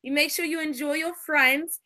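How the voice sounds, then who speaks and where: A woman's voice: sits high, fairly even intonation, normal speed, sharp tone. Lady Elegance, a woman putting on a sultry lady voice. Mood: sultry, languid. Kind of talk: livestream banter.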